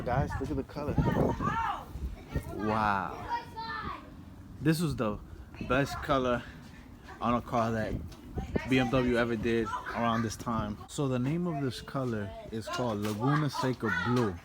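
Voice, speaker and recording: A man's voice: medium pitch, unhurried, pauses often, very noisy. A young man vlogging casually at home, rambling with lots of fillers as he talks about his car. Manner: rambling, filler-heavy, keeps saying "and yeah". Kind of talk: casual vlog talk. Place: outdoors at home, yard and car.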